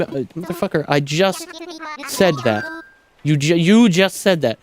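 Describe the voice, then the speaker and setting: A streamer giving casual, excitable commentary while playing a game, swearing freely and laughing often. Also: medium pitch, measured pace, faint music behind.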